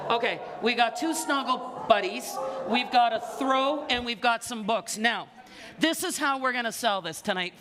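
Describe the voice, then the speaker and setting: A woman works a crowd as a charity auctioneer, her bright voice ringing through a large event hall. She coaxes and teases the bidders with lively energy, and a long reverb trails each phrase. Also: a little high, normal speed. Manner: energetic, coaxing and teasing bidders. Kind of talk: live auction calling.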